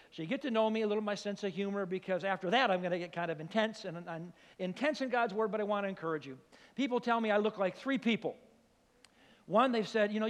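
An older man preaching in a church, telling a comic story with lively acted-out voices. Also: high voice. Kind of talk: storytelling sermon. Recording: long hall reverb.

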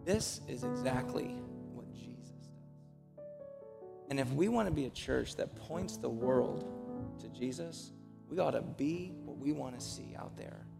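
A man's voice: mid-range voice, lively intonation, a little slow, vocal fry, big-room sound, loud music behind the voice. A man preaching a sermon as pastor to his church, telling a story and rising into passionate, urgent preaching. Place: church sanctuary.

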